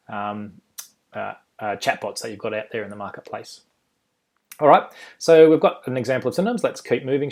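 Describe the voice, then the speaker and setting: A man with an Australian accent giving an informal screen-share tutorial, full of ums and uhs and quick self-corrections. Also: medium pitch, vocal fry, darkish tone. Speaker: software developer presenting a demo.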